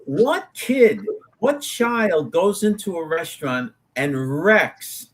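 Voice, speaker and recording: A man's voice: high voice, sing-song, slow. A man co-hosting a talk show, arguing his case emphatically and tripping over repeated words when he gets worked up. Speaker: co-host. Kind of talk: casual opinionated banter.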